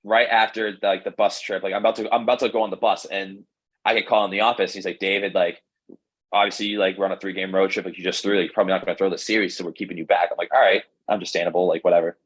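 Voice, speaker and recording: A young man's low, husky voice, relaxed and conversational. He rambles through a story in a casual interview, stacking fillers and slipping into quoted dialogue. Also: very fast, rough recording. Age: young adult. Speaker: pro baseball pitcher, guest.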